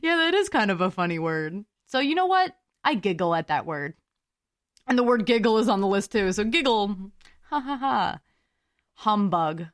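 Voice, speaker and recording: A woman's voice: medium pitch, big pitch swings, moderate pace, no room sound. Chatty giggly woman podcaster, dry sound. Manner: chatty, giggly, musing aloud. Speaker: podcast host. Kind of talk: solo podcast chat.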